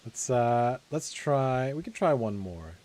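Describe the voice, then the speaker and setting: Brief: male streamer, mid pitch, easygoing and teasing. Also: animated, slow, darkish tone. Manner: easygoing, teasing, quizzes his co-host. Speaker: community manager. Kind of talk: casual game stream chat.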